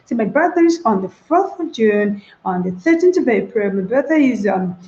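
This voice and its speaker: A woman's voice: a little high, expressive, normal speed, darkish tone. A woman teaching an online spoken English lesson, demonstrating phrases by repeating them with different stress. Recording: roomy, dull lo-fi sound.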